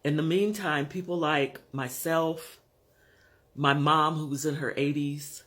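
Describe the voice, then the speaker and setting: A man in his fifties or sixties talks candidly to his own camera at home, in a slightly higher voice than most men. He speaks slowly and frankly, pausing often to search for the right words. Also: steady tone, pushed and bright. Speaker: vlogger. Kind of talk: candid personal vlog monologue.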